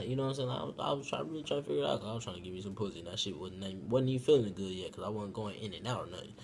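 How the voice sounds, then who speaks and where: A man's voice: very fast, creaky, few pauses, a little hiss or hum. Profane young man telling a wild story. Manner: profane and animated, swinging from loud outbursts to low mumbling. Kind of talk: casual story time.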